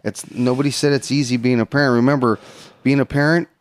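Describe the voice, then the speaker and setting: A man's voice: medium pitch, steady tone, fast, dry recording. A man in casual chat, blunt and lecturing as he gives advice.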